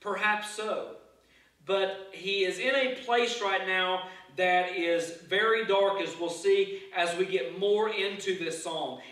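A man pastor preaching a sermon in a church, earnest and halting, often restarting his phrases. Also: sits high, fairly even intonation, a bit bright. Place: church sanctuary. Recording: echoey church hall, mic far off.

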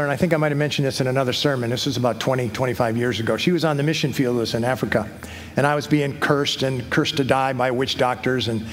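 A middle-aged man preaching a sermon as pastor, earnest, reading scripture aloud with rising emphasis. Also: mid-range voice. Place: church hall.

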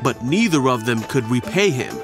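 A man narrating a scripted Bible story for children in a gentle storybook way. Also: medium pitch, sing-song, moderate pace. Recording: narration over background music.

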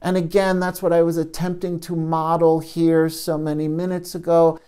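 Male therapist, mellow tone, reflective teaching talk, gentle pauses. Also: fairly high pitch, flat delivery, smooth. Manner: gentle, thoughtful, with frequent pauses and restarts.

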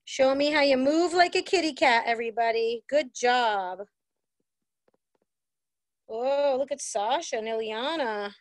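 A woman leading a children's dance class over a video call, slow and cheerful. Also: high-pitched, dry recording. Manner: cheerful, slow and sing-song with small children. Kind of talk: online kids' dance class.

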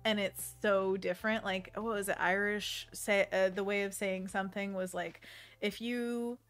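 A woman's voice: mid-range voice, fairly even intonation, normal speed, fairly bright tone, clear, resonant tone. A young woman with a Pacific Northwest American accent, hosting a casual art livestream, bubbly and giggly as she chats with viewers while painting. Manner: bubbly, giggly, reads chat aloud. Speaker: livestream host and digital artist.

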